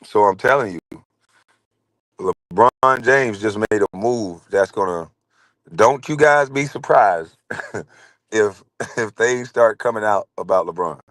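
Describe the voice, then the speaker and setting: Blunt, rambling man with a low voice. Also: expressive, slow pace, pauses often, a bit bright, dry recording, poor audio. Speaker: show host. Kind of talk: casual commentary.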